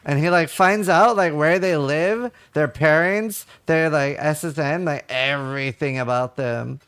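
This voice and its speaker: A man's voice: on the high side, a little slow, few pauses, a bit bright, smooth, no room sound. A man streaming a game and chatting casually with viewers, rambling and full of filler words. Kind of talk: casual livestream chat while gaming.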